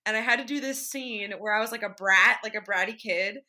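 A woman's voice: medium pitch, brisk, bright, forceful tone. A woman in her twenties, an actress, telling a story in a chatty way and laughing as she talks. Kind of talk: casual storytelling.

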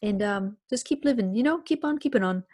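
A woman's voice: on the high side, lively intonation, a little fast, darkish tone. A woman voicing a cheerful, lonely male swamp gnome with a New Zealand-like accent, her sentences lilting upward at the end. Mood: upbeat wistful. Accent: New Zealand-like accent for the figure.

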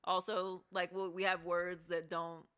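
A woman's voice: on the low side, little pitch movement, unhurried, bright, forceful tone, clear, resonant tone. A woman from Pittsburgh, a sports TV host, talking candidly as an interview guest with casual swearing. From Pittsburgh, USA.

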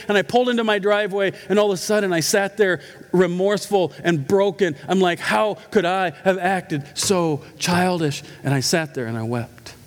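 A man's voice: high voice, fairly bright tone. A middle-aged male pastor preaching a sermon, telling stories with emphatic, humorous asides. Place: church sanctuary. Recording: echoey church hall.

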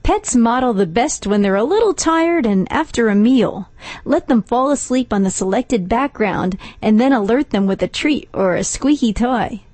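A woman's voice: a little high, expressive, moderate pace, darkish tone, dry recording. A woman reading a scripted radio tip segment in an upbeat way.

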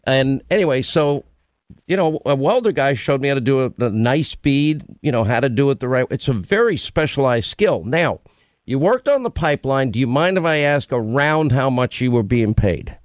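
A middle-aged man hosting a call-in radio show, chatty and quick to cut in with his own stories. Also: mid-range voice, animated, no echo, clean studio sound. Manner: chatty, storytelling, interrupting. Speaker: radio talk show host.

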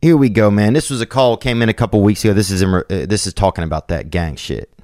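A man's voice: fairly low pitch, fast, a little mellow, no room sound, studio quality. A man hosting a podcast in casual chat, rambling and profane, scattering "man" and "bro" through his talk. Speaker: podcast host.

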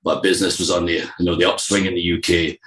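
Deep-voiced man telling his story, echoey room. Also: fast talker. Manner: candid, animated storyteller who quotes himself. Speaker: professional wrestler. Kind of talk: casual interview storytelling.

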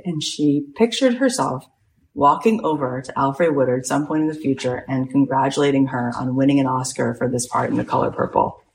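A woman with a low-pitched voice, telling a story in an animated way. She acts out the quoted voices and builds to excited emphasis. Faint ambience hums behind her. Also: creaky, a little hiss or hum. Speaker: speaker retelling a story.

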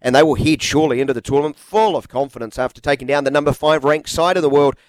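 A man's voice: a little high, fast, dry recording. A man hosting a radio sports show, teasing his co-host and reading sports headlines. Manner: teasing, playfully dry. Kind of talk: casual radio banter and sports news reading. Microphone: studio microphone.

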